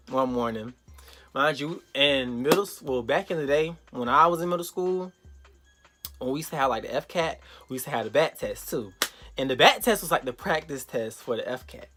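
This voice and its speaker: Animated young man telling a story. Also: medium pitch. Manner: animated, profane, acts out quotes loudly. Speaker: vlogger. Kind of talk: storytime vlog.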